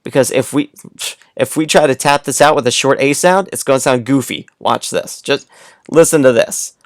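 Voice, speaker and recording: A man's voice: mid-range voice, moderate pace, dry recording, studio quality. A man teaching a read-aloud lesson to young children, playful and coaxing, speaking straight to the listener.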